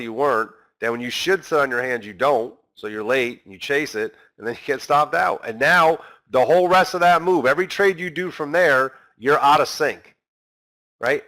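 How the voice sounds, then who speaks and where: Forceful and bright in a mid-range register, this man leads a trading lesson like a conversation. Tag questions like "right" and "okay" come constantly, and he dramatizes frustrated traders' inner voices.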